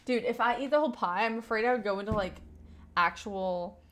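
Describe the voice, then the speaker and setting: A woman's voice: medium pitch, brisk, a bit bright. A young woman from Kentucky with a light Southern accent, chatting casually with her stream viewers and rambling with lots of fillers and laughs. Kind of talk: casual live-stream chat reading viewer messages.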